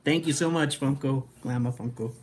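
A woman's voice: rumbling low, normal speed, a little mellow, slight background noise. A woman co-hosting a toy-hunting livestream from her collection room, joking with a co-host and reading chat with lots of laughter. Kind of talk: casual livestream banter.

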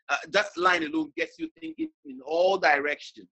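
A man hosting an online book discussion, halting and repeating words as he reads out audience comments. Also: high voice, big pitch swings, gravelly, bright, forceful tone, husky, low-quality recording. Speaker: host and moderator.

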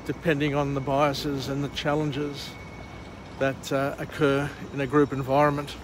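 A man's voice: mid-range voice, completely flat delivery, unhurried, noisy background. An Australian man hosting a walk-and-talk vlog beside an urban harbour, summarising a book with a rambling, chatty manner. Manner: chatty, rambling with fillers and restarts. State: muffled by a face mask. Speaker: vlog host. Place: outdoors by an urban harbour, walking.

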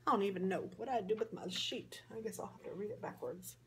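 A fast-talking craft vlogger with a medium-pitched voice and a Midwestern accent chats her way through making cards in a hotel room. Hailing from the American Midwest, she rambles and teases herself, with slight noise in the background.

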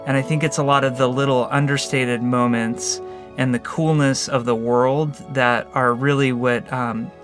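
Thoughtful game designer man, soft music under. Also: mid-range voice, fairly even intonation, normal speed. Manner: thoughtful, with restarts and fillers. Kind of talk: reflective interview answer.

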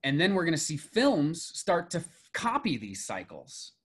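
A man's voice: fairly high pitch, huge pitch swings, measured pace, breathy edge. A middle-aged man giving a classroom lecture on myth and story, building emphasis on key lists. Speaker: mythology lecturer.

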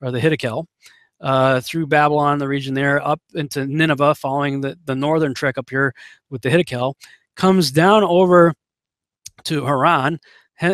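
A male Bible teacher delivers a relaxed, conversational sermon that moves between storytelling and scripture reading. His voice sits a little above the usual male pitch. The recording is dry and close, with no room echo. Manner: conversational, with many fillers and restarts, reads scripture aloud.

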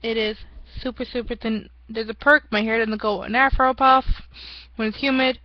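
A woman's voice: on the high side, steady tone, normal speed, dry recording, lo-fi sound. A young woman giving a rambling, self-mocking casual vlog update, often laughing at herself. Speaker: vlogger.

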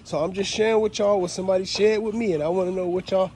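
Walking outdoors at his kennels with his phone, a dog breeder vlogger thanks his viewers in a relaxed, heartfelt way, calling them "fam" and repeating himself often. He talks fast in a high, darkish voice with fairly even intonation. A little background noise can be heard.

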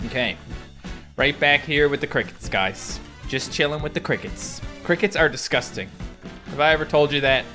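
A man's voice: on the high side, normal speed, music in the background. A young man hosting a let's play, chatting casually and rambling off into asides to his viewers. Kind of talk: casual game commentary.

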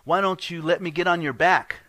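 A man's voice: fairly high pitch, a little fast, bright, forceful tone, no room sound, clean studio sound, voice pushed up. A man voicing a sly, scheming scorpion in a fable he tells during a sermon, coaxing and insistent.

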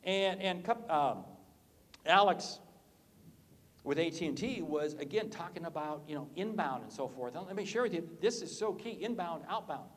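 A man speaking from the stage at a sales conference, with a fairly high voice that climbs and drops all over the place as he works the crowd. He talks to the audience directly, teases people in the room, and punches key lines. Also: moderate pace. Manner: animated, swoops pitch up and down, jokes with audience. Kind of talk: energetic conference talk. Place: conference hall.

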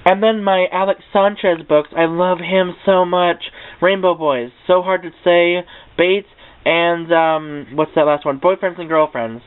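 A young book vlogger gives a casual, unscripted tour of his bookshelf, excitable, a little tongue-tied, and dropping the odd swear. His slightly high voice is clean and crisp, moving at a measured pace, though the audio is tinny and narrow, like a cheap webcam or phone line.

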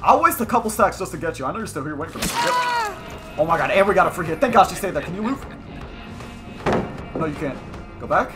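A young man narrates his own match in real time, his high voice swinging widely between loud outbursts and low muttered planning. He curses freely and yells at the other players. Game music plays steadily beneath him. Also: fast talker, long pauses. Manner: excitable, swears a lot, yells at players, mutters tactics. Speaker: gaming YouTuber. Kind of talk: live gameplay commentary.

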